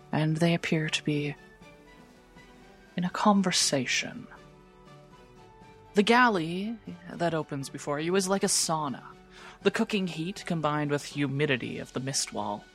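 Slow, low-voiced woman game master. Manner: measured, descriptive. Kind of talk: narrating a tabletop game.

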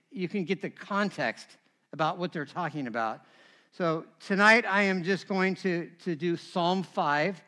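Bright, high-voiced male pastor. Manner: animated storytelling with humor. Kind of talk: sermon.

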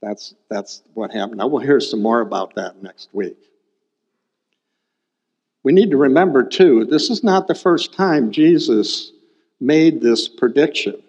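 A man's voice: medium pitch, expressive, takes it slowly, pauses often, a little mellow. A male pastor preaching a sermon, explaining a Bible passage and repeating key points for emphasis. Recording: dull recording with long hall reverb.

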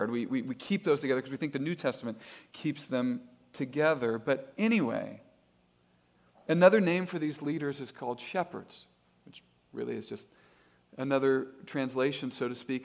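A middle-aged man preaching a sermon as pastor, telling stories with self-deprecating humor. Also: on the high side.

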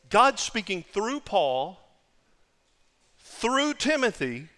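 Emphatic high-voiced preacher in a hall. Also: male voice, animated, moderate pace, bright, forceful tone. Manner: emphatic, repeats phrases for stress. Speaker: pastor. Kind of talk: sermon.

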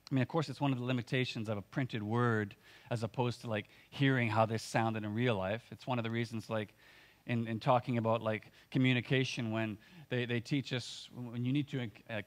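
A male pastor delivers a sermon in an earnest, conversational way. He talks through his points with casual filler words and quick restarts, at an ordinary mid pitch. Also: fairly even intonation.

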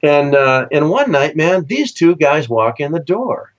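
A lively man from Southern California spins stories as an interview guest, his pitch jumping high whenever he acts out what people said. The audio is dull and lo-fi. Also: measured pace. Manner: animated storyteller, acts out quoted voices with big pitch jumps. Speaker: session musician guest. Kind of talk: casual storytelling interview.

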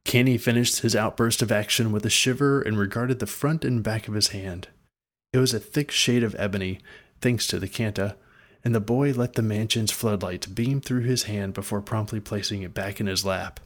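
A man narrating a fantasy audio story with a somewhat low voice. He reads in a dry, wry manner, steady and measured.

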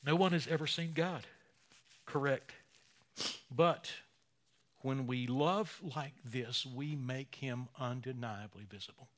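Speaking in a mid-range voice, a male pastor in his sixties gives a sermon full of feeling. Near-whispers give way to fervent, loud emphasis, and key phrases come out slowly.

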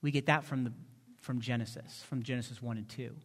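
A man's voice: mid-range voice, steady tone, fairly quick. Man preaching in a reverberant hall. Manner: impassioned, swings from soft pleading to loud emphasis. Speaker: pastor. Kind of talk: sermon. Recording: long reverb of a large hall.

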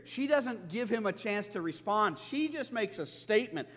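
A man's voice: high voice, lively intonation, normal speed, fairly bright tone, in a large hall. A man preaching a sermon, in an earnest, conversational style, often restarting his phrases and acting out what people say. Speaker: pastor.

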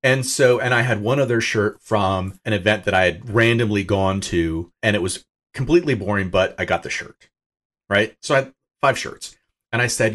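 Low-voiced man telling a story, lively. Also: moderate pace. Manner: animated and self-amused, voice jumping up for quoted lines. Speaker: podcast guest. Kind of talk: conversational storytelling.

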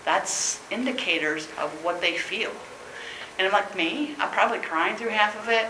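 Woman workshop leader, lively and chatty, echoey room, noisy background. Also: medium pitch, normal speed. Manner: energetic, chatty, laughs often. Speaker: teacher trainer. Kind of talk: workshop presentation.

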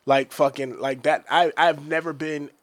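Profane, animated man telling a story. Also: fairly high pitch, normal speed, dry recording. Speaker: podcast co-host. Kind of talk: casual storytelling chat.

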